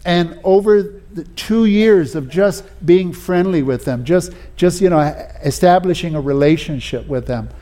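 A man's voice: fairly high pitch, measured pace, hardly any pauses, dark tone. A man preaching a sermon, telling personal stories in a folksy way with frequent restarts. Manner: folksy storytelling, many "you know"s and restarts.

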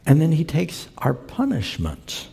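A man's voice: a little high, huge pitch swings, a little slow, vocal fry, mellow, long reverb tail. A man preaching a sermon, telling stories in an earnest, conversational way and quoting scripture. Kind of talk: sermon with storytelling.

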